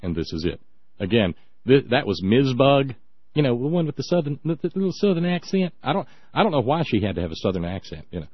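A man's voice: mid-range voice, big pitch swings, fast talker, slightly rough, no echo. A man giving scornful, sarcastic, rambling radio commentary. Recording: dry, dull lo-fi audio.

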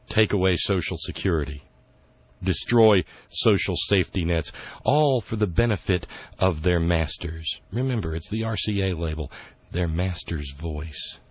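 A man's voice: low voice, dry recording, muffled recording. A man hosting a political talk radio show, indignant and sarcastic, rambling through his points with fillers.

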